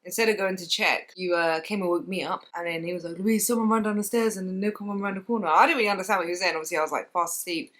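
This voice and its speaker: A woman, telling a story to camera in a casual vlog and acting out the sounds and what people said. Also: lowish voice. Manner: fast animated storytelling, acts out sounds and quotes. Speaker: vlogger.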